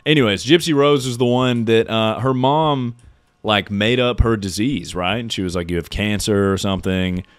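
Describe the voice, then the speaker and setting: A man's voice: medium pitch, normal speed, smooth, no room sound. A young man streaming a horror game live, joking loosely and reading out chat. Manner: jokey, reacts to chat and thanks subscribers.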